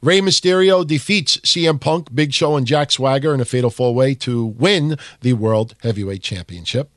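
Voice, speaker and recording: A man hosting a casual wrestling history podcast, reading with mock enthusiasm and dropping into deadpan asides. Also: medium pitch, normal speed, no room sound, clean studio sound. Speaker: podcast host.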